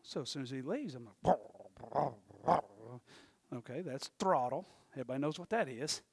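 A middle-aged male pastor, preaching a sermon with lively storytelling that swings from loud to hushed. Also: mid-range voice, moderate pace, creaky, slightly rough, no echo.

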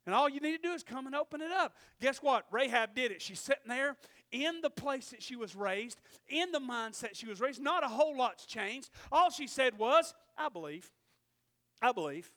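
A man's voice: very high voice, expressive, normal speed, sharp tone. A male preacher giving a fervent sermon and calling out to the congregation for amens.

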